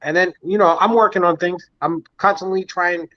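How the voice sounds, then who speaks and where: A man's voice: high-pitched, fairly even intonation, moderate pace, dry recording. Blunt man on a dull, lo-fi mic. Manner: blunt, joking and profane. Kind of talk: casual chat. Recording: dull, lo-fi audio.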